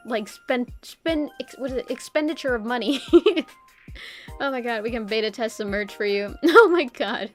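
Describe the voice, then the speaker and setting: A young woman streamer chatting casually and rambling, with lots of "like" and frequent laughs. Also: on the high side. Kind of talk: casual live-stream chat.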